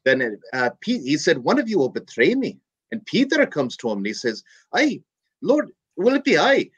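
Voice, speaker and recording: A man's voice: on the high side, wildly swooping pitch, moderate pace, breathy edge, highs cut off, voice pushed up, heavily acted. A man voicing a sly, defiant old Irish priest with a put-on Irish accent and a lilting preacher's delivery. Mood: mock preaching.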